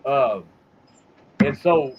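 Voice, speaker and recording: A man's voice: medium pitch, animated, drawn-out words, background noise. A man hosting a casual podcast, rambling and swearing a lot, often repeating words as he hunts for the next thought. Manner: profane, rambling, repeats words when stuck. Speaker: podcast host. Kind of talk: casual conspiracy talk. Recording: dull lo-fi sound.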